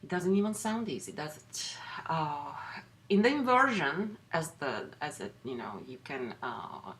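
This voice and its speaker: A middle-aged woman teaching a recorded French lesson, explaining patiently with many pauses and restarts. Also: deep voice, very animated, a bit bright. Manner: explains slowly with frequent fillers and restarts. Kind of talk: recorded lecture overview.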